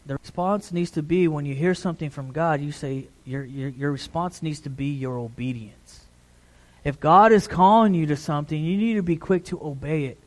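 A man's voice: fairly high pitch, moderate pace. Conversational preacher man, keeps asking "right?". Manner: conversational, repeats "right?" to the congregation. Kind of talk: sermon.

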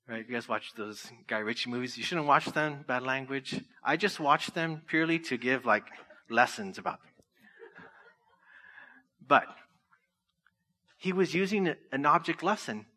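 A man preaching a sermon in a conversational way, often checking in with his listeners with "right?" and dropping soft and slow when he quotes. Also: fairly high pitch. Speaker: pastor.

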